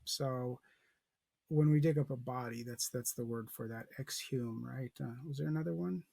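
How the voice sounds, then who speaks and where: Male professor, lecturing on a poem, rough husky voice, rambling and full of fillers, dry close mic. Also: medium pitch, moderate pace, mellow, no echo. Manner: loose, thinking aloud with many fillers and restarts. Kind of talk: poetry lecture with a read-aloud.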